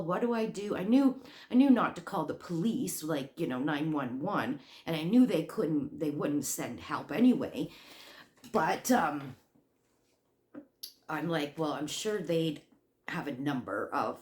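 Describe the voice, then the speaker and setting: Slow-talking woman in an echoey room. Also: low voice. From Canada. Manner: rambling, animated retelling with many fillers and restarts. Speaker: crochet channel host. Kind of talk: casual storytelling vlog.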